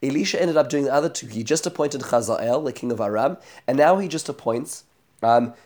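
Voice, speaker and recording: A man's voice: mid-range voice, expressive, fairly quick, a little mellow. A man teaching a Bible study lesson, retelling the chapter as a story, voicing the quoted speakers, with many fillers and restarts.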